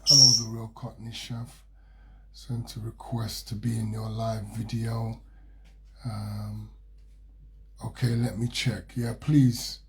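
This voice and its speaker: A man's voice: lowish voice, little pitch movement, takes it slowly, long pauses. A middle-aged man, hosting a casual live-stream chat and greeting viewers as they join. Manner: chatty, laughs easily, warm greetings to viewers. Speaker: host. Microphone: phone or computer on a live video.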